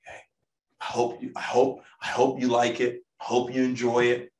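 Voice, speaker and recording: A man's voice: medium pitch, monotone, normal speed, echoey room, recorded from a distance, pitched below the performer's own voice, natural voice. A man imitating a hesitant, nervous presenter who mumbles and fills his talk with ums. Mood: unsure. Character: timid nervous male presenter.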